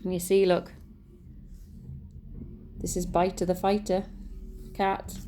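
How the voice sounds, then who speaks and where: Mellow woman reading a children's book. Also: on the low side, little pitch movement, slow pace, a little hiss or hum. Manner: gentle, asks children to look at pictures. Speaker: teacher reading aloud. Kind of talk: storybook read-aloud for children.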